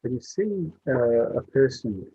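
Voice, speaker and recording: An earnest man shares a story with young listeners, speaking with heartfelt repetition. His voice is husky and mid-pitched, and the sound is dry and tinny, like a phone line. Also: animated, measured pace, mellow, no room sound. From Western Australia. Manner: earnest, heartfelt, repeats himself. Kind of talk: spoken storytelling to young people.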